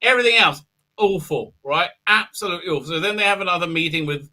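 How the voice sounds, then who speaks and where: A man with a high, very bright voice hosts a livestream. He recaps a show in a loose, rambling way, full of "uh, uh" fillers. He keeps breaking into mocking character voices. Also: fast talker. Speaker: host of a fan commentary livestream. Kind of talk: casual recap with mocking impressions.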